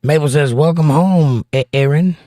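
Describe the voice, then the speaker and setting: A man's voice: on the high side, moderate pace, dark tone, no room sound, clean studio sound. A middle-aged man with a Southern accent, hosting a livestream and joking as he reads viewer comments aloud. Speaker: livestream host. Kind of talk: casual chat.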